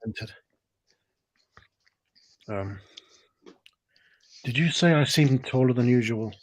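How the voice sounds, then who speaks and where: An English man, a guest in casual stream chat. He speaks in a hesitant, dry way and trails off quietly. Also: mid-range voice, takes it slowly.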